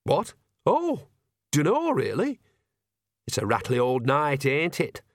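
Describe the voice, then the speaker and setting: A chatty old village witch woman with a raised, lively voice, as a man reading a story puts her on. She teases and jokes in a dry, close sound. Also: fairly high pitch, slow pace, no room sound, voice pushed up, heavily acted. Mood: teasing. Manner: chatty, teasing.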